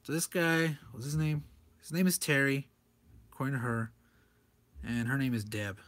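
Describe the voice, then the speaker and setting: A man's voice: mid-range voice, fairly even intonation, normal speed, a bit bright. A man reviewing a comic book page by page in a loose, rambling way, chuckling often as he talks. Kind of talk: casual comic commentary.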